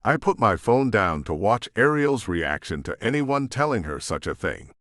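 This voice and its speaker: A man narrating a romance audiobook in first person, with expressive storytelling. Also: fairly low pitch, normal speed, dry recording, studio quality. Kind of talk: scripted narration.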